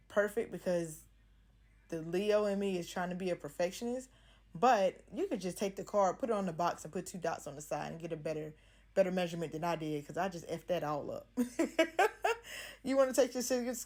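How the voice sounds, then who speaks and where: A woman's voice: lowish voice, darkish tone. Young woman, vlogger, casual craft how-to, playful, chatty, slangy. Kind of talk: casual DIY tutorial.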